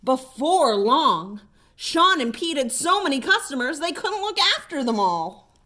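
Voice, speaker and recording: Animated woman reading to children. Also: high voice, unhurried. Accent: American. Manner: animated, expressive. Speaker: children's librarian. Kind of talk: storytime read-aloud.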